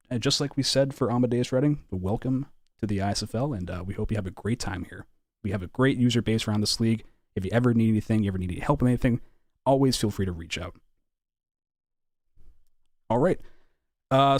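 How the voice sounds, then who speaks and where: A man's voice: fairly low pitch, no room sound, clean studio sound. Upbeat man hosting an online draft. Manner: upbeat, relaxed announcer patter. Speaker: draft host. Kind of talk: casual stream hosting.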